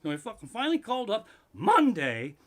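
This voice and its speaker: A middle-aged man hosting a live stream from his living room, telling a profane comic story that builds into loud, swearing rants. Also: high-pitched, huge pitch swings, fairly quick.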